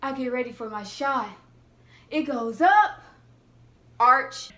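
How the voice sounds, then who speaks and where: Young woman vlogger, bright, lively storytelling voice that acts out quotes. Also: high voice, slow. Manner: animated, laughing, acts out quotes. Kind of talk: casual storytelling.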